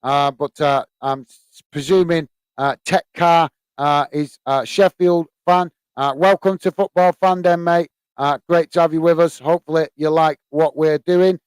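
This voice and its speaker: British guy hosting a footy live stream, lots of uhs, calls everyone mate, smooth voice, dry sound. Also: fairly high pitch, steady tone, no echo. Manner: halting, many "uh" fillers, calls viewers "mate". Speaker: football channel host reading live chat. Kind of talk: casual live stream chat.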